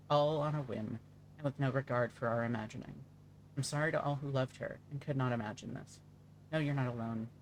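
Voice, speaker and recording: A man streaming a game, reading its dialogue aloud in a plain, steady voice. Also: mid-range voice, slight background noise, rough recording.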